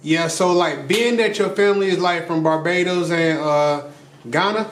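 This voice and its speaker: A laid-back man asks questions in loose slang, his voice pitched high for a man. The room around him is echoey, with faint noise underneath. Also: moderate pace. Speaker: interviewer. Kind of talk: casual interview.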